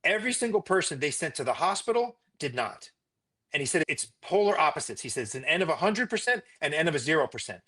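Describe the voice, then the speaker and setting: A man, a physician, telling stories in a conversational interview in an emphatic, animated way. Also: fairly high pitch, fast. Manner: emphatic, animated retelling with repetition.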